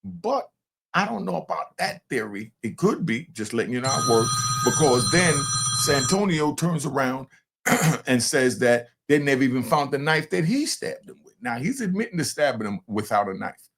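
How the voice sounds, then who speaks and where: An older man, a grandfather who hosts a true crime show, speaks bluntly and animatedly right to his viewers in casual, streetwise commentary. His medium-pitched voice is husky and creaky with a fairly bright tone, moving at a normal speed with a sing-song lilt.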